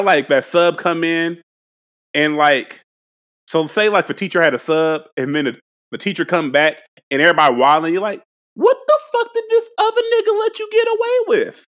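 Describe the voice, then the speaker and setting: A man in his thirties rambles through a casual podcast chat, his voice sitting a little higher than most men's. He restarts his sentences often and swears freely as he works toward his point. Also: fairly bright tone. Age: 30s. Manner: rambling and profane, with frequent restarts. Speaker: podcast co-host.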